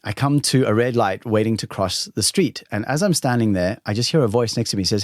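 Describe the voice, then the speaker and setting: A man in his thirties hosting a solo podcast, telling a personal story in an animated, excited way and acting out the dialogue. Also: on the low side, brisk, dry recording, clean studio sound. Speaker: podcast host.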